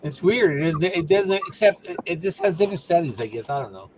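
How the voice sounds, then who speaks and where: A man's voice: fairly high pitch, very animated, quick pace, a crowd in the background. A man chatting and teasing his friends in a casual conversation.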